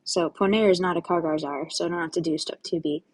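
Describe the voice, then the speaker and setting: A woman's voice: on the low side, steady tone, quick pace. A woman Spanish teacher giving a recorded lesson, explaining step by step to her students in a patient, casual way with friendly asides.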